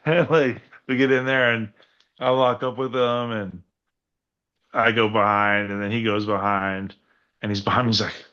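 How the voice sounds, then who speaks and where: A man on a podcast as a guest wrestler, telling rambling, profane stories in a casual, animated way. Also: on the low side, normal speed, pauses often, lo-fi sound. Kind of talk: casual storytelling chat.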